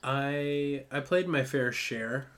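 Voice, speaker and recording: A man's voice: mid-range voice, slow pace, a bit bright. A man co-hosting a podcast in casual chat, rambling and swearing freely. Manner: laid-back, rambling, swears. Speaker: podcast co-host.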